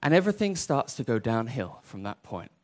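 A man preaching a sermon in an animated way, acting out the voices he quotes. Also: medium pitch, brisk.

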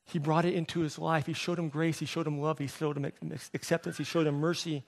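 Male pastor, higher voice, lively storytelling sermon, acts out the quoted lines, drops soft and low to make a point. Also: fairly quick, creaky. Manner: animated storytelling, voicing quoted characters.

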